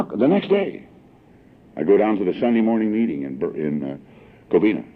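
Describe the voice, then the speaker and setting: A man's voice: sits low, vocal fry. A man in his sixties telling his recovery story to a meeting, in a folksy, emotional storytelling manner, on an old tinny tape recording. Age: 60s. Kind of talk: personal recovery talk to a meeting. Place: meeting hall.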